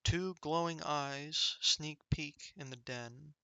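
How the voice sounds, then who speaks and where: A man reads a rhyming children's picture book aloud, slowly and rhythmically, savoring each sound. His voice is bright and clear, a touch higher than most men's. The recording is close and dry. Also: dry recording. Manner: rhythmic, expressive, savoring the rhymes. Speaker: storybook reader.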